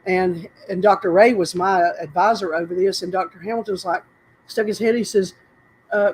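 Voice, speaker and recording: A woman's voice: medium pitch, fairly even intonation, normal speed, a little mellow, a little hiss or hum, low-quality recording. Older woman telling rambling stories. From North Carolina. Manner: rambling, laughs often, self-interrupting. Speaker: interview guest. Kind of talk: casual storytelling.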